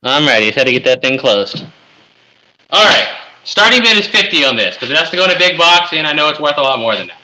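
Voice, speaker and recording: A man presents collectibles on a live auction stream in a relaxed, matter-of-fact way, explaining the starting bid and the item's condition. His voice sits a little high and sounds very bright. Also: fast talker, rough recording. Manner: casual, describes items for sale.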